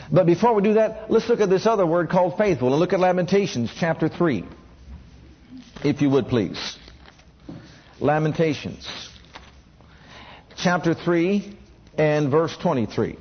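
Male preacher, high and breathy-husky, questioning call-and-response sermon, muffled lo-fi recording. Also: expressive, normal speed, pauses often. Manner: asks the congregation questions and has them repeat lines.

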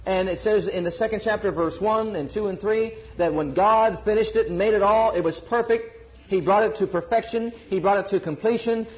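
Man preaching a lively sermon. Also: on the high side, lo-fi sound. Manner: preaching with rising and falling emphasis, rhetorical questions.

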